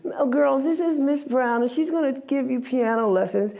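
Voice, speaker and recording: A woman's voice: high-pitched, moderate pace, vocal fry, mellow, voice pushed up. Brief: friendly woman neighbor, coaxing and upbeat, put on by an older female storyteller. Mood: cheerful.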